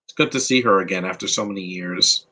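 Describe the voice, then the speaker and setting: Speaking quickly in a low, bright, tense voice, this New York man runs a live film commentary podcast. He drifts from one opinionated take to another, restarts sentences often, and responds to chat questions as they arrive, all on a rough recording.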